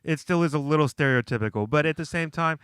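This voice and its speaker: A man's voice: a little high, quick pace, a bit bright, clean tone, no room sound, clean studio sound. A man co-hosting a podcast, making his case in an earnest, argumentative way. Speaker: podcast co-host. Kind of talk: casual studio chat.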